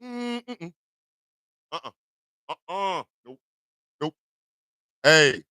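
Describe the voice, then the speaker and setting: A man hosting a morning show, chatting casually and reacting with loud, slangy exclamations. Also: high voice, very animated, takes it slowly, long pauses, dry recording. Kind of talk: casual live show chat.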